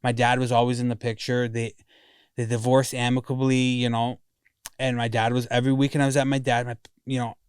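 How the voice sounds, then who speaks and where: A man's voice: mid-range voice, little pitch movement, fairly quick, clear, resonant tone, no room sound, clean studio sound. A man in his thirties talking candidly in a casual podcast conversation, rambling and swearing often.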